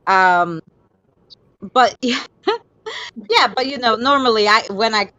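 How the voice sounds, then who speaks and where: Bright, chatty woman on a dull call line. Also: a little high, slow, dry recording. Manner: chatty, acts out voices in her anecdotes. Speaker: guest paranormal video maker. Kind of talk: casual group chat, storytelling.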